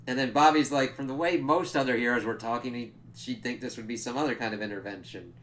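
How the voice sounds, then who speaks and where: A man at an ordinary middle pitch talks loosely through a comic book review. He fills his speech with "kinda" and "like" and swears freely. He keeps breaking into quick acted-out reactions. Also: a bit bright. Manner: loose and rambling, full of fillers and swearing, acting out quoted reactions. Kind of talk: casual spoken review.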